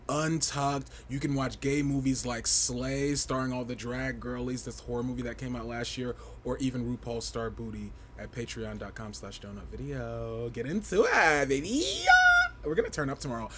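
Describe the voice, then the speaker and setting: A man hosting a casual livestream fashion review, campy, playful and outspoken, with big swoops in pitch and frequent laughter. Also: slight background noise. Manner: sassy and outspoken.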